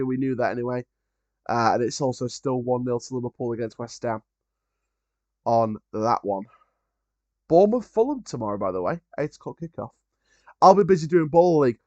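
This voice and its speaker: A man's voice: mid-range voice, expressive, fairly quick, darkish tone, no echo, dull audio. Chatty man hosting a football watchalong. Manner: casual, chatty, opinionated, frequent ums and restarts. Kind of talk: live match watchalong commentary.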